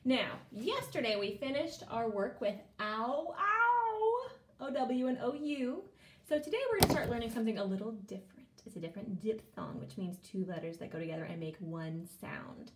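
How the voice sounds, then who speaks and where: A woman's voice: a little high, a little fast, echoey room, slight background noise. A woman teaching a phonics lesson to young children, stretching out sounds in a sing-song way.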